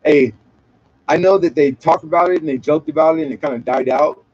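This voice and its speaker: A man's voice: fairly high pitch, a little fast, a little mellow, breathy edge, no echo, dull audio. A man from Southern California rambling and joking with profanity in a casual late-night livestream chat. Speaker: livestream host.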